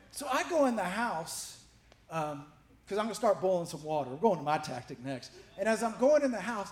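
A male pastor telling a funny story to his congregation as part of a sermon, animated and laughing as he goes. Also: high voice, reverberant.

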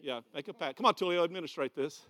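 A man's voice: a little high, fast, bright, forceful tone. A man with a Southern American accent preaching a folksy, conversational sermon in a church hall. He repeats key phrases and directs volunteers. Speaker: pastor. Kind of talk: folksy sermon with a live demonstration.

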